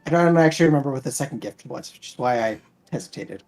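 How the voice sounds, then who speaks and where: A man on a gaming stream explaining game lore casually, hesitant and halting. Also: medium pitch, lively intonation, darkish tone.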